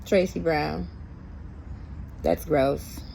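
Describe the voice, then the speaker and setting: A woman's voice: low voice, drawn-out words, gravelly, warm tone, slight background noise. A young woman giving blunt, exasperated, profane reaction commentary as host.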